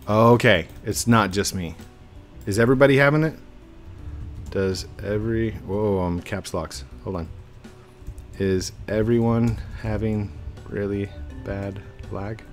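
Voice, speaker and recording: A young man giving chatty, excitable live commentary while he plays a game, breaking into baby talk with his in-game dog. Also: lowish voice, slow, long pauses, soft background music. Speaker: gaming streamer. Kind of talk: casual live gameplay commentary. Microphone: desk mic with webcam.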